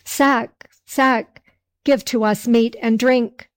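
A woman voicing a poor, simple, lazy peasant man in slow archaic speech. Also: on the high side, steady tone. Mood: hopeful.

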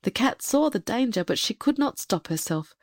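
A woman reading a fairy tale aloud in a gentle, measured storybook narration. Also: fairly high pitch, lively intonation, dry recording, studio quality. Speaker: audiobook reader.

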